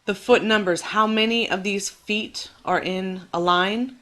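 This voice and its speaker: In this recorded lecture, a female teacher with a medium-pitched, slightly bright voice speaks unhurriedly and steadily. She explains things patiently and clearly, reassures her students, and overemphasizes stress on words to show rhythm.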